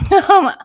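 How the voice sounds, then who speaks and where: A woman's voice: very high voice, vocal fry. A woman hosting a casual livestream reaction chat, exclaiming and laughing often. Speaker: livestream host.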